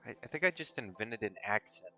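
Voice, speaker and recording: Lively, playful streamer man. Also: lowish voice, fairly quick, faint music behind. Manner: playful, rambling, musing aloud. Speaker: streamer host. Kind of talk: casual rambling stream chat.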